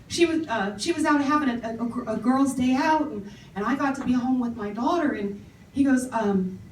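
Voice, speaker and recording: A woman telling lively stories to a live audience in a meeting room, acting out the people she quotes. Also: high-pitched, a little hiss or hum. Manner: animated storyteller acting out quoted voices. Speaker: speaker on paper clutter. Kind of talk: storytelling talk to an audience. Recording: echoey room, voice from far off.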